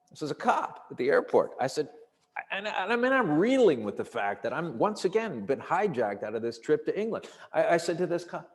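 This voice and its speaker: A man with an ordinary middle-pitched voice spins an animated, profane story as a comedian guest, slipping into the voices of the people he quotes. His voice carries a long, hall-like reverb behind it. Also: brisk. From Canada. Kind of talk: storytelling in casual conversation. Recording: long reverberant room sound.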